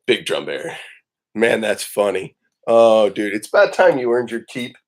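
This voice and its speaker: A man's voice: lowish voice, lively intonation, a little slow. A man hosting a casual morning livestream from home, rambling and joking with plenty of ums and uhs. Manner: rambling and joking, with many fillers. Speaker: livestream host. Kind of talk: casual chat.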